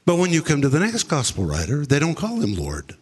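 A man's voice: wildly swooping pitch, fairly quick, slightly rough. Male preacher in an echoing hall. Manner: dramatic storytelling, acting out quotes with big swings in pitch and pace. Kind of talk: sermon.

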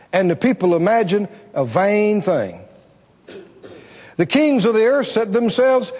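High-pitched male preacher, slow and animated, questioning the congregation. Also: in a large hall. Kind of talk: sermon.

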